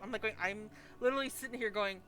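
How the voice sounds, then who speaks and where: A woman's voice: mid-range voice, quick pace. A woman who teaches Spanish, streaming and chatting casually, acting out both sides of a conversation as she tells it. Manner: animated storyteller, acts out both sides of conversations. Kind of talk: casual chat.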